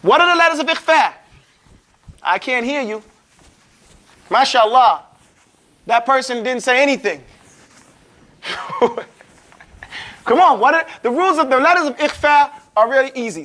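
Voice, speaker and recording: High-voiced man teaching Quran recitation. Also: lively intonation, pushed and bright. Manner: casual, joking, quizzes students, models words slowly. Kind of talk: classroom teaching of recitation rules. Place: classroom.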